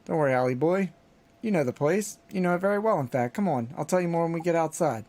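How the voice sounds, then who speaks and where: A man's voice: on the high side, expressive, fast, darkish tone, natural voice. A man voicing a cheeky small male fairy sidekick with a Welsh accent, chatty and sing-song with lots of tag questions. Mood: explaining. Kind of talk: reading game dialogue aloud.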